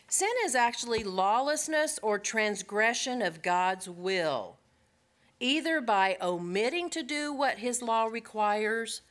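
Woman, Bible study teacher, middle pitch, earnest, direct, rhetorical questions, slows for emphasis. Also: a bit bright. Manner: slows down to stress key points.

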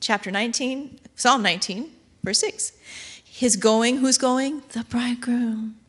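Woman preacher, lively sermon delivery, a touch high-pitched, plays out quoted lines. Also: measured pace, breathy edge. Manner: animated, acts out quoted voices with laughs.

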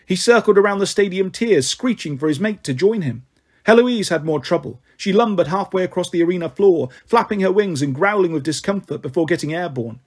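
A man reading a story aloud in the first person, in a wry, dramatic storytelling manner. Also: sits high. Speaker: audiobook narrator.

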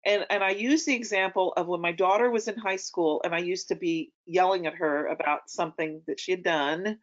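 A middle-aged woman who sings opera chats casually, telling anecdotes sprinkled with lots of ums. Her voice sits on the low side with a steady tone and a slightly fast pace, captured in dull, lo-fi audio.

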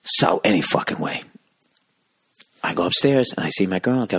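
Brief: low, husky male comic ranting on a podcast, cursing, close dry mic. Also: moderate pace, dry recording. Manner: profane, animated, exasperated. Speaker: podcast host, comedian.

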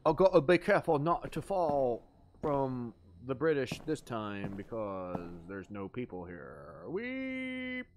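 Young adult man, game streamer, goofy jokes, lively swooping pitch, slow unhurried talk. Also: noisy background. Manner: goofy, riffing jokes, swearing at mistakes. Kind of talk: live gameplay commentary.

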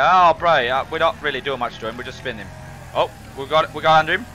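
A young man, excitedly commentating his own car game, swearing and calling everyone mate. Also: on the high side, quick pace, a little hiss or hum, low-quality recording. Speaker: gaming video host. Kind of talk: casual gameplay commentary.

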